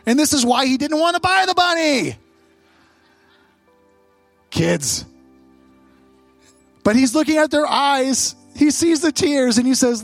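A man's voice: very high-pitched, normal speed, soft background music. A man preaching a sermon as pastor, stressing short repeated phrases.

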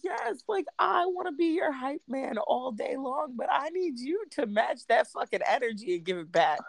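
A woman's voice: high-pitched, normal speed, vocal fry, no echo. A woman chatting casually on a podcast, outspoken and goofy, swearing freely. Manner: outspoken, profane, animated and goofy. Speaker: podcast co-host. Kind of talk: casual chat.

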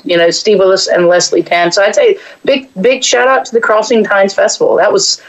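A woman's voice: medium pitch, fairly even intonation, a little fast, vocal fry, few pauses, lo-fi sound. Chatty Texan woman telling travel stories. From Texas. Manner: rambling, chatty storytelling with many restarts. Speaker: guest. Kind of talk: casual podcast chat.

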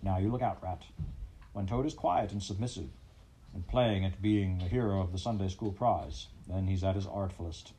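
A man's voice: low voice, moderate pace, warm tone, slight background noise, low-quality recording. A man voicing a grave, weary old male badger who speaks with sighing firmness. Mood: stern.

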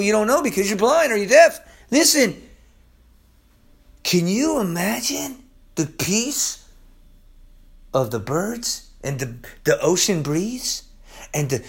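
Hyper, slangy male Bible teacher. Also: high-pitched. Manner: hyper, slangy, animated, acts out the Bible characters. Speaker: preacher.

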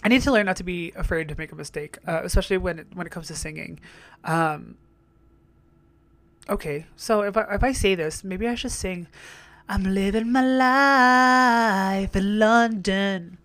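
A young woman reacts to a TV show in a relaxed, chatty way, swearing and laughing often as she goes. Her voice is lowish and fairly quick.

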